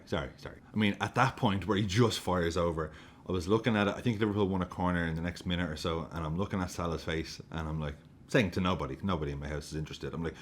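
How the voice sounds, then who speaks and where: A man with a low voice reacts to a football match with giddy excitement, swearing freely and laughing as he goes. He talks casually, like a fan ranting to his camera. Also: a little hiss or hum. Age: adult with a young daughter.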